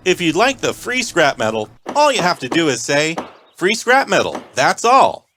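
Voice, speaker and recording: Man, prank caller, mock phone-menu voice, deadpan, slightly high, lively pitch. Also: moderate pace, slight background noise.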